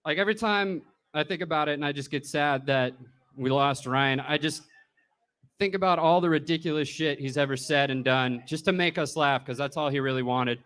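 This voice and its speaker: A man's voice: on the high side, normal speed, fairly bright tone, clear, resonant tone. Casual man telling a funny eulogy. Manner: casual, swearing, storytelling. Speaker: comedian giving a eulogy. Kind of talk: tearful, humorous eulogy. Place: bar.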